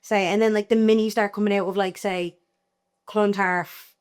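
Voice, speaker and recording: A woman with a Dublin accent hosts a casual podcast chat. She talks in an animated, chatty way, with her sentences full of "like". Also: mid-range voice, fast, smooth. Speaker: podcast host.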